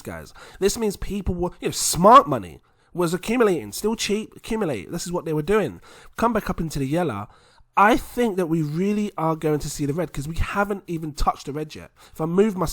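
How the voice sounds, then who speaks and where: A man hosting a video, talking viewers through charts in a chatty, animated way. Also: a little high, no echo. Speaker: crypto video host. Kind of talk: casual chart commentary to viewers.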